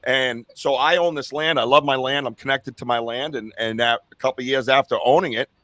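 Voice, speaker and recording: A man's voice: mid-range voice, steady tone, fairly quick, sharp tone, no room sound. Boston guy guest on a podcast, upbeat and chatty, dry close sound. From Massachusetts. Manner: upbeat, chatty, laughs easily. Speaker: podcast guest, Bigfoot researcher. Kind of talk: casual storytelling.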